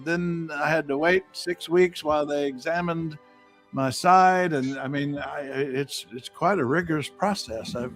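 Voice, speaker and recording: A man hosting a casual live-stream chat, talking in a halting, rambling way with many fillers. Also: a little high, a bit bright. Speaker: host.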